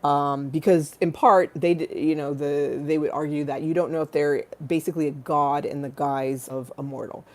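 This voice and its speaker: Woman, livestream host; low voice, giggly, rambling, profane. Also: fairly even intonation, normal speed, few pauses. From Los Angeles-based. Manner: rambling, giggly, profane, breaks into sung bits. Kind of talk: casual livestream chat. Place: home in a hot room with a fan.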